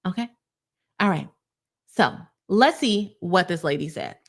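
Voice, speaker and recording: A young adult woman hosting a casual live-stream legal commentary, talking to her viewers in an animated, heated way and calling them "y'all". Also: on the low side, measured pace, vocal fry.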